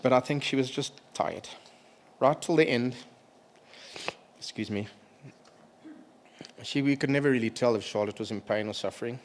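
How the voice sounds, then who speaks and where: A man's voice: medium pitch, a little hiss or hum. Emotional middle-aged man giving a eulogy. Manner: halting, pausing to clear his throat and collect himself. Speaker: family member giving a eulogy. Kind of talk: memorial eulogy.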